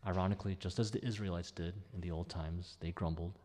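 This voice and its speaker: A man preaching a sermon as pastor, in a conversational, animated way. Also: low voice, quick pace, in a large hall. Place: church sanctuary.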